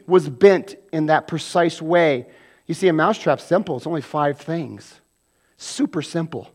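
Animated man preaching a sermon. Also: a little high. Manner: animated, acts out quoted voices, swings from loud to hushed. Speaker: pastor.

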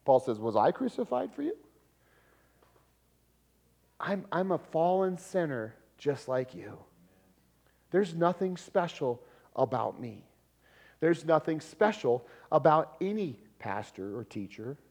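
Lively conversational male preacher. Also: a little high, a little slow. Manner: lively, conversational preaching with laughs and sudden loud emphasis. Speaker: pastor. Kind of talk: sermon.

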